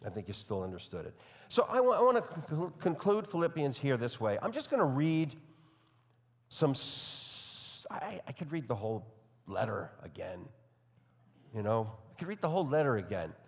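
A man preaching an expository sermon with a slight New York accent that surfaces when he gets excited and talks fast. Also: mid-range voice, long reverb tail. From New York area. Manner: enthusiastic, speeds up when excited, reads scripture aloud. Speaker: pastor.

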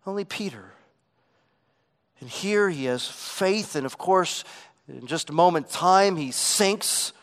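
Male pastor, sermon, rising to emphasis then dropping to a hush, slightly high voice. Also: expressive, takes it slowly. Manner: preaching with swings from emphatic to hushed.

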